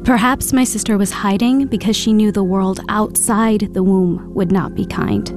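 A woman narrates as an adult looking back on a painful childhood, in an earnest, reflective radio-drama voice. Clear music plays beneath her words. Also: mid-range voice, moderate pace, lightly acted. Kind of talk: dramatized first-person narration. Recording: narration over background music.

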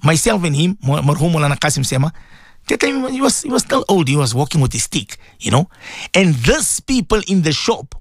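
A man preaching on the radio with a high, very animated voice that leaps between low solemn tones and sharp high exclamations. He repeats his points with fervent emphasis. The sound is dry and close. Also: dry recording. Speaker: radio presenter giving Islamic advice. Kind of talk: impassioned radio sermon.

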